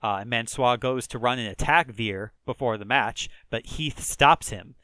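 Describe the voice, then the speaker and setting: Speaking at medium pitch and normal speed, this man sounds pushed and bright, with no room sound at all. He has a Chicago accent and casually goes over a wrestling video game as a let's play host, rambling, chuckling, and using lots of fillers.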